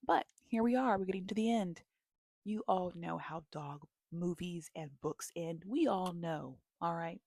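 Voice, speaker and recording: A young woman sits close to the mic in a dry, dead-sounding room, talking about books she loves. She takes her time, goes animated when the story grips her, and sometimes sinks into a hushed whisper. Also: fairly low pitch, unhurried, dry recording. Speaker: book vlogger. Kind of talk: casual book recommendations.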